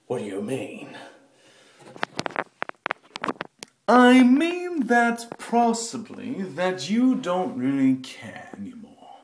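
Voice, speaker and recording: A man voicing a sneering, taunting man with drawn-out, theatrical delivery, recorded in an echoey bathroom. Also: sits high, a little mellow, pitched above the performer's own voice, full character voice.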